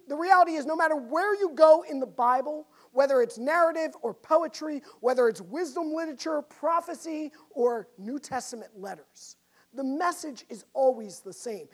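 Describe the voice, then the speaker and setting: A woman preaching a sermon, telling a story dramatically and swinging between loud and soft. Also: sits high.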